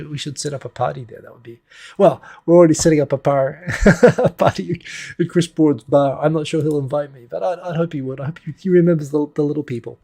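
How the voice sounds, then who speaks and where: A man's voice: a little high, creaky, dark tone. A man hosting a livestream, giving casual, wry, rambling commentary on the news from a home setup into a desk microphone. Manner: rambling, wry, self-interrupting. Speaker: livestream host. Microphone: desk USB microphone.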